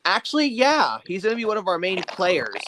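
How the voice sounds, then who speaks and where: A man from Argentina chats eagerly as host of a casual stream, often asking his friends questions. His pitch moves a lot, and a clear hiss runs underneath. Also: wildly swooping pitch, brisk. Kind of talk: casual chat.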